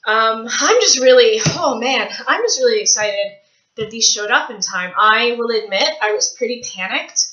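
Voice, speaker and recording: A Canadian woman vlogging casually from a small room at home, chatty, rambling and gushing with excitement. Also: a little high, normal speed, echoey room, lo-fi sound. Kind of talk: casual vlog chat.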